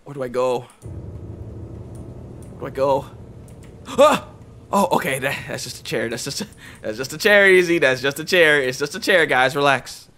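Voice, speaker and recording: A young man giving excitable, jumpy commentary while playing a horror game, repeating himself and using slang. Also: medium pitch, moderate pace, long pauses, slight background noise. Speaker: gamer.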